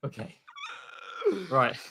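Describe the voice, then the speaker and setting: A man's voice: slow, bright, forceful tone, no echo. A man co-hosting a live podcast, chatting in an upbeat, playful way. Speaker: podcast co-host. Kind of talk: casual live podcast chat.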